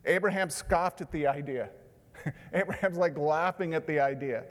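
A man preaching a sermon, dropping to a hushed tone for tender lines and rising to loud, emphatic bursts. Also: fairly high pitch, normal speed. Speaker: pastor. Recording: long hall reverb.

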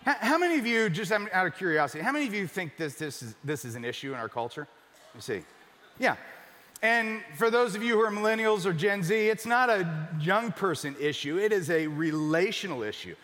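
A middle-aged male pastor preaching a sermon to a church congregation, emphatic, often dropping to a hush for key points. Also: high-pitched, animated, brisk. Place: large church. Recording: reverberant hall.

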